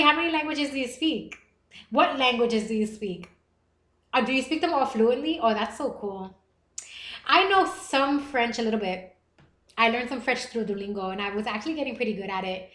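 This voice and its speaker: A young American woman hosting a livestream podcast, chatting casually with viewers in a playful, animated way. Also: a little high, normal speed. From United States. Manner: animated and playful, with gasps and bursts of laughter. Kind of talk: casual livestream chat reading viewer comments. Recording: echoey room.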